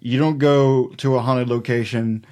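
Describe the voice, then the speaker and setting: A man's voice: medium pitch, fairly even intonation, unhurried, a little mellow. A man co-hosting a folklore podcast in casual chat, rambling with many fillers and easy laughs. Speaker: podcast co-host.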